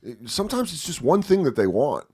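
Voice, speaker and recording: A man in his thirties, a comedian guest on a podcast, talking casually in a profane, animated way and acting out the people he quotes. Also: fairly high pitch, fairly quick, husky. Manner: profane, animated storyteller who acts out quotes.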